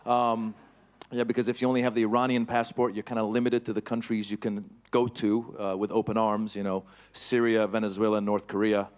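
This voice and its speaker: A middle-aged man from Iran doing a stand-up routine, animated and breaking into shouted impressions. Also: a little fast, smooth. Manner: animated, jumps to high shouted impressions and cat noises. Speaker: stand-up comedian. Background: audience laughter.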